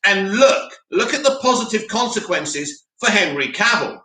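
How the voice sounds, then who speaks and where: A man's voice: high voice, expressive, moderate pace, bright, forceful tone, echoey room, rough recording. A man hosting a casual live stream, chatting animatedly and reading viewer comments aloud. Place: home studio in Cyprus.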